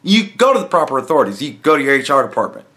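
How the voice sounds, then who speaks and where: A man's voice: mid-range voice, sing-song, racing, sharp tone. A man giving a blunt, profane reaction rant as a vlogger, stumbling over restarts. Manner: blunt, heavy swearing, frequent restarts. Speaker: vlogger commentator.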